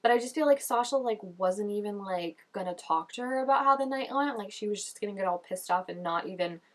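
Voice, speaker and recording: A woman in the middle of her pitch range chats through an episode in a casual reaction vlog. Her talk is gushing and full of filler words. She often leaps up high when something surprises her. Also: quick pace. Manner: gushing and chatty, full of "like" and "oh my gosh"; excitable, with sudden jumps up in pitch. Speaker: show reaction vlogger.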